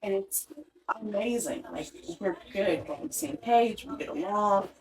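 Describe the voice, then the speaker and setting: A young woman with a mid-range voice tells a personal story, speaking a little slowly in a casual, exasperated tone. She keeps restarting her sentences and says "like" a lot, and the recording quality is poor.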